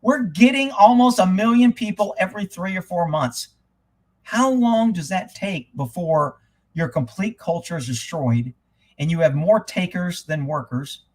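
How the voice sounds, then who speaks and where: A high-pitched man hosting a live political talk stream. He rants with heat and curses freely, his voice rising to a shout when something gets to him. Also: a little slow. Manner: fired-up, swearing, shouts when worked up. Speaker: livestream host.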